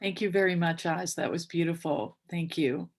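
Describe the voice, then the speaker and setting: Polite woman hosting a video call. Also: fairly low pitch. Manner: polite, halting, with many fillers. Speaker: memorial host.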